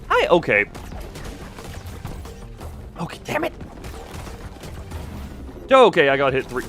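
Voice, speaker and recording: A man's voice: on the high side, wildly swooping pitch, slow, fairly bright tone, faint music behind. A man streaming a video game, chatting loosely with his viewers, restarting his sentences and laughing often. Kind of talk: casual live-stream chat while playing.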